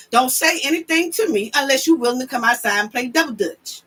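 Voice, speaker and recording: Sassy high-voiced New woman host. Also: a little fast, breathy edge. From New York. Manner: animated, sassy, confrontational. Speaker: livestream host. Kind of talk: livestream commentary, reading chat names.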